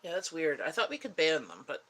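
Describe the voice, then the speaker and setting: A middle-aged woman, tired and yawning as she hosts a relaxed, rambling live-stream chat with her viewers. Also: deep voice. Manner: rambling, relaxed, chatty with pauses. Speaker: livestream host chatting with viewers.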